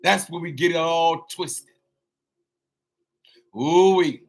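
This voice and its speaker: Brief: male motivational host, high voice, preachy, repeats himself, call-and-response asides. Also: gravelly. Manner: drawn-out exclamations.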